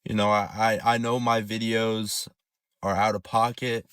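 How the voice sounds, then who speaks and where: Brief: low-voiced man, hesitant vlog talk with restarts, dry close sound. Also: little pitch movement, a bit bright, smooth, dry recording. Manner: halting, hesitant, repeating words. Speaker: content creator. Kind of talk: casual vlog confession.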